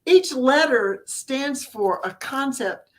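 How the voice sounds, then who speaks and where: An older woman with a Southern American accent, chatting as a guest on a video-call podcast in a folksy, expressive way. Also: high-pitched, slow pace. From Southern United States. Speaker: guest, author and speaker. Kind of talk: casual podcast chat.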